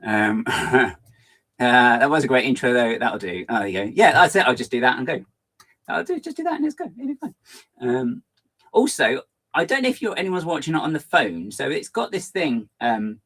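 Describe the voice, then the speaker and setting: A man hosts a casual live stream, talking quickly and excitedly and jumping from one tangent to the next. His pitch swings up and down a lot, and his tone stays chatty and loose. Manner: fast, hyper and rambling. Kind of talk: casual live-stream chat, reading viewer comments.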